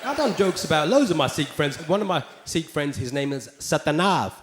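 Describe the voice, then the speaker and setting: A man's voice: on the high side, brisk. A man with a London accent performing a live stand-up routine, swearing freely and acting out hecklers. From England. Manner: animated, swearing, acts out hecklers in raised voices. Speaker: stand-up comedian. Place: large live venue with audience. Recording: echoey live venue with crowd laughter.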